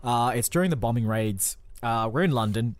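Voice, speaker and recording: A man co-hosting a podcast in casual comedic chat, throwing quick quips and finishing his partner's sentences. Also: mid-range voice, expressive, dry recording. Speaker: podcast co-host.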